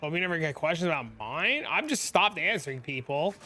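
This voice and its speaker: A man's voice: on the high side, animated, a little fast, sharp tone, faint music behind. A young man streaming a game, rambling in casual chat and venting with lots of "like" fillers. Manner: rambling, heavy use of "like", exasperated venting.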